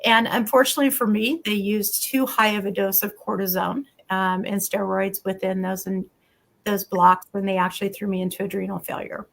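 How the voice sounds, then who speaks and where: A middle-aged woman, a physician who was once a patient herself, tells her own story frankly as an interview guest. Her mid-range voice has some vocal fry and moves at a moderate pace, and she narrates with animation, quoting dialogue along the way.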